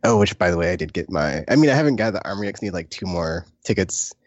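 Guy hosting a podcast, low voice, rambles w/ lots of ums, kinda dull dry recording. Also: expressive, quick pace, dry recording. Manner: rambling, loose, full of fillers and restarts. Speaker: podcast host. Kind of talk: casual chat. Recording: dry, slightly dull lo-fi sound.

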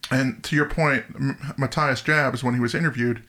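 A middle-aged man co-hosting a music podcast, chatty and reminiscing, quick to laugh. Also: mid-range voice, steady tone, bright, forceful tone. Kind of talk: casual music chat.

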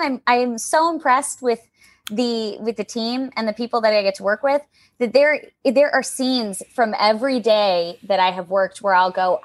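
Expressive woman voice actor chatting. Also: a little high, measured pace. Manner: expressive, animated storytelling with lively quoted asides. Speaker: voice actor guest. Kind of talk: casual interview chat.

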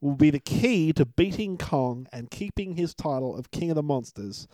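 A man's voice: fairly high pitch, expressive, moderate pace, dark tone, no echo. Sweary young man, mock outrage. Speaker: podcast co-host. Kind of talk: casual banter.

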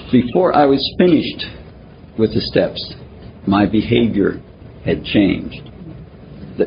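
Gravelly older man with halting speech. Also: fairly low pitch. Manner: halting, self-deprecating, with frequent pauses and fillers. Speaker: speaker at a recovery meeting. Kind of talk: personal testimony at a twelve-step meeting. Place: meeting room. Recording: muffled recording with faint hiss.

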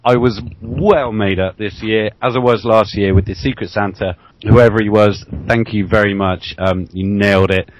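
A man's voice: lowish voice, fairly even intonation, normal speed. A man telling an anecdote on a podcast. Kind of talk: casual podcast chat.

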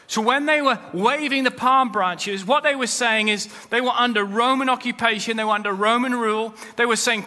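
A man's voice: very high-pitched, brisk, hardly any pauses, sharp tone. A man preaching a sermon as pastor, with rising emphasis as he quotes scripture. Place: church. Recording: long hall reverb.

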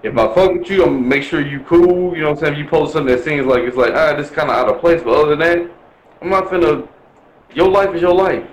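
A man's voice: a little high, fast talker, reverberant, poor audio. A man from Milwaukee talking bluntly and profanely in a casual chat, ranting with lots of swearing. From Milwaukee, USA.

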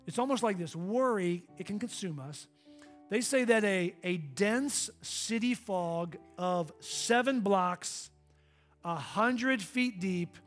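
Middle-aged male pastor, high-pitched, emphatic sermon delivery to a live room. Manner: emphatic, swings from loud to hushed. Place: church hall before a live congregation.

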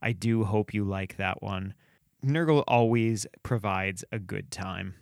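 A man with a lowish voice reads grim fantasy tales in a measured, expressive way, then slips into easy chat between stories. The sound is dry and close, with no room around it. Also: creaky, smooth, no echo. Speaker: podcast host reading stories. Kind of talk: storytelling narration and casual commentary.

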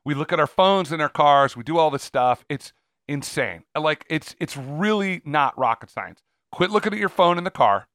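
A man's voice: on the high side, lively intonation, moderate pace, a bit bright, no echo, clean studio sound. A man co-hosting a podcast in casual chat, opinionated and ranting as he riffs. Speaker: podcast co-host.

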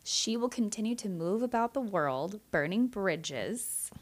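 A woman's voice: medium pitch, animated, a little slow. A woman talking frankly in a casual podcast conversation, dismissive and plain-spoken, swearing now and then.

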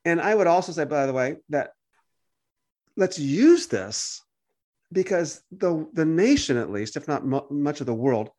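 Animated man, pastor hosting a podcast. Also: a little high, measured pace. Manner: animated storytelling, acts out quoted voices. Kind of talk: casual conversation.

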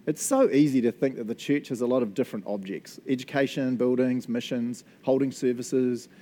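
A man's voice: medium pitch, steady tone, normal speed, warm tone. A man preaching a casual, enthusiastic sermon, often checking in with the congregation. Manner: enthusiastic, chatty, laughs often, tags lines with "eh?" and "right?". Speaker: pastor.

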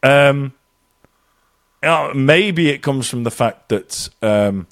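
Speaking slowly at a medium pitch, an Englishman based in Ireland co-hosts an easygoing podcast conversation. He rants with his tongue in cheek, curses freely, and animatedly quotes people using put-on voices.

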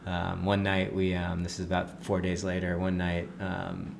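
A man telling a story in casual conversation, full of fillers like "like" and "um," and getting animated when he quotes other people. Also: sits low, normal speed, gravelly, background noise. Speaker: guest.

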